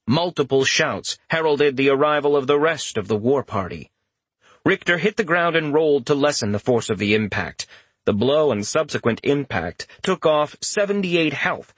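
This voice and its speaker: A man reading a fantasy novel aloud as an audiobook narrator, in a steady, measured storytelling manner. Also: mid-range voice, breathy edge, dry recording.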